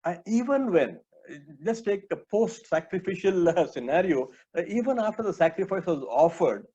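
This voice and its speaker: Earnest preacher, slightly high voice. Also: male voice, animated, normal speed, warm tone, breathy edge. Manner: earnest, addresses listeners as my friends, frequent uh fillers. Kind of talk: sermon. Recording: dull lo-fi recording.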